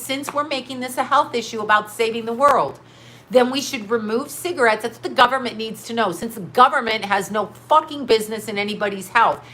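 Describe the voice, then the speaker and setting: A woman's voice: fairly high pitch, sharp tone. A middle-aged woman hosting a livestream, reading chat comments and ranting bluntly, with plenty of profanity. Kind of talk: casual livestream rant. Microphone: webcam or phone mic.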